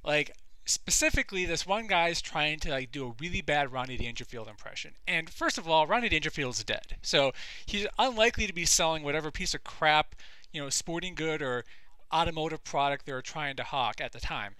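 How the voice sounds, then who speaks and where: Male podcast host, bright and animated, profane exasperated rant, dry mic. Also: fairly high pitch, brisk, smooth, dry recording. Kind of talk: comedic rant.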